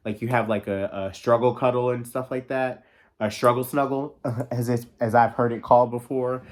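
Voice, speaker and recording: A man in his thirties talking in a casual solo monologue as podcast host, fast and excitable with lots of filler words and the odd curse. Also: fairly low pitch. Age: 30s. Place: New York.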